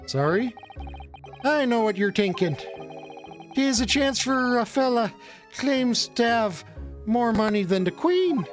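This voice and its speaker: A man voicing a boastful, rich old businessman in a put-on Irish accent that slips toward Canadian, reading game dialogue. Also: sits high. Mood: indignant. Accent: put-on Irish drifting Canadian. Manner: blustering, folksy, theatrical.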